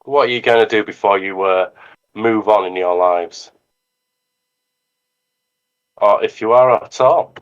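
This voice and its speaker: Low-voiced game master, lo-fi mic. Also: male voice, unhurried, pauses often.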